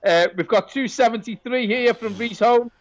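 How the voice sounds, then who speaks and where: A man's voice: very high-pitched, normal speed, no room sound, highs cut off. A man co-hosting a football watch-along stream in casual banter, cheekily rallying viewers like an auctioneer.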